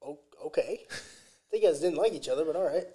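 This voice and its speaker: A man's voice: a little high, animated, normal speed, mellow, breathy edge. A young man co-hosting a podcast, joining in with laid-back, profane banter. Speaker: podcast co-host. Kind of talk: casual chat.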